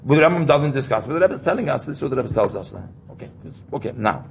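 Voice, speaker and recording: A man's voice: medium pitch, animated, rapid-fire, vocal fry, slight background noise. A man teaching an informal Torah class, explaining ideas while he thinks aloud and repeats key terms.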